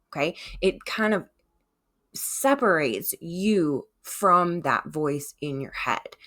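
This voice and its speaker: Low, slow-talking woman podcast host. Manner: gentle, encouraging, checks in with "okay?". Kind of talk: self-help podcast monologue.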